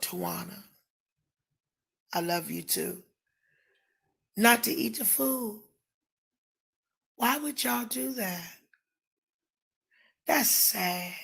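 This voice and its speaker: A woman preacher on a live stream, ranting emotionally and speaking straight to her viewers by name, often rising to shouts. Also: mid-range voice, creaky, slightly rough.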